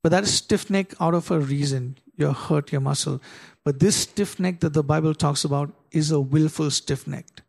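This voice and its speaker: This male pastor preaches with building emphasis, peppering listeners with rhetorical questions and dropping to a weighty, slow pace for scripture readings. His somewhat high-pitched voice is gravelly yet a little mellow.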